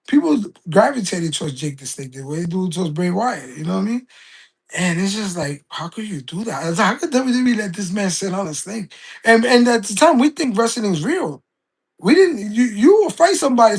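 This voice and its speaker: A man's voice: sits high, husky. A man, chatting casually on a live stream and rambling through stories full of fillers and restarts. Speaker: game streamer.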